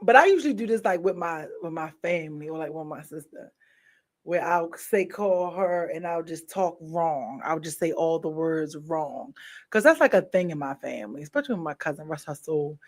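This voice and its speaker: A woman's voice: low-pitched, expressive, normal speed. Playful woman chatting with viewers. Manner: playful, laughs often, swings between loud and soft. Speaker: live stream host. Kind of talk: casual chat with viewers.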